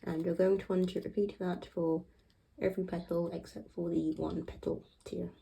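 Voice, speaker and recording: A woman hosting a casual craft tutorial, chatty, with hesitant fillers and soft laughs. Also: on the low side, level tone, moderate pace, vocal fry, breathy edge, rough recording.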